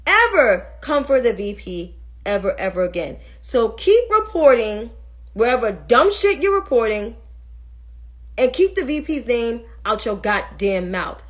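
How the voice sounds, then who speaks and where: A woman with a fairly high voice hosts a political livestream and gets heated and profane as she rants. She talks back to viewers' comments between her points. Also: very animated, measured pace, a bit bright.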